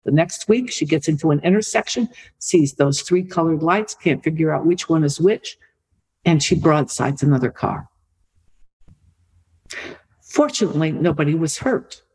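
A middle-aged woman, an author and podcast guest, telling a family story in a lively conversational way. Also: low voice, normal speed, pauses often, slightly rough, poor audio. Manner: lively anecdotal storytelling, repeats for emphasis.

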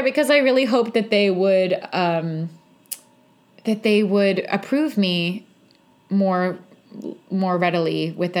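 A woman's voice: mid-range voice, slow, long pauses. Chatty, candid woman podcast host. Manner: chatty and candid, with self-deprecating asides. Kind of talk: casual solo podcast monologue.

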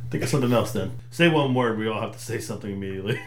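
A man's voice: fairly low pitch, rapid-fire, slight background noise. A man co-hosting a casual podcast, joking crudely and laughing often. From Hispanic heritage. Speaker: podcast co-host. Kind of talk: casual banter.

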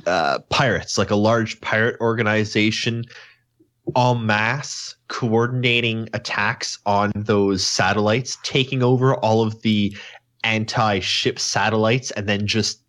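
A man's voice: on the low side, fairly even intonation, a little slow, fairly bright tone. A man co-hosting a casual group podcast, rambling a bit as he reads out audience questions. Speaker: podcast co-host.

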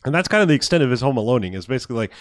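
A man's voice: mid-range voice, big pitch swings, racing, no room sound, clean studio sound. A man casually recapping a movie plot in a rambling, profane way, laughing often.

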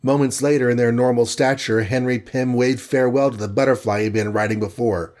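A man's voice: medium pitch, fairly even intonation, brisk, darkish tone. Man reading a storybook aloud. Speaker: narrator. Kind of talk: storybook read-aloud narration.

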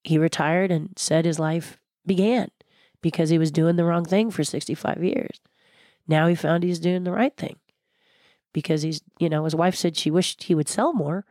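A woman giving an interview, telling inspirational stories in an animated way and repeating words for emphasis. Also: low voice, normal speed, no echo, clean studio sound. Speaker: interview guest. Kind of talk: animated motivational storytelling.

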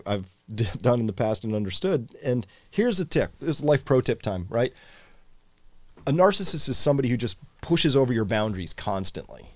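A man's voice: medium pitch, no echo. A man co-hosting a casual talk show, chatting in a conversational way and reading viewer comments aloud. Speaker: podcast co-host. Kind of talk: casual chat with live audience.

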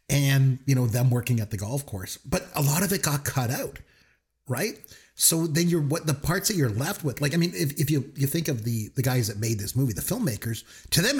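Animated man chatting about movies. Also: medium pitch. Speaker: podcast co-host. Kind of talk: casual movie discussion.

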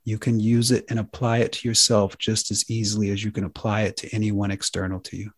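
A man hosting a talk show, speaking earnestly and with drawn-out emphasis. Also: fairly low pitch, flat delivery, dry recording. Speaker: host.

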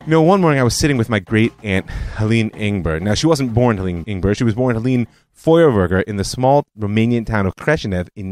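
A man hosting a history podcast, telling it as a scripted lecture with animated storytelling and personal asides. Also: lowish voice, no room sound.

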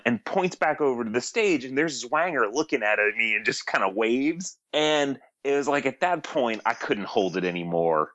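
A man's voice: on the low side, dry recording. Man telling a funny story, dry lo-fi. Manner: animated anecdote with laughs and quoted voices. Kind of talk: casual storytelling on a podcast.

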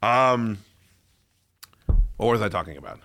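A man hosting a podcast in casual chat, excitable and profane, often breaking into loud shouting. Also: lowish voice, unhurried. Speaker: podcast host.

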